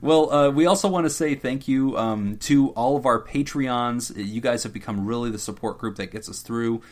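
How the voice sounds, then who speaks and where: A man's voice: medium pitch, normal speed, darkish tone. A man co-hosting a casual podcast, reading out supporter thank-yous with frequent laughter. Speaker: podcast co-host.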